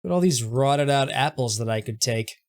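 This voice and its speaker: Here a young gaming streamer, mid-range in pitch with lively intonation, gives relaxed commentary as he plays. He jokes at his own expense and often stumbles, quickly starting over.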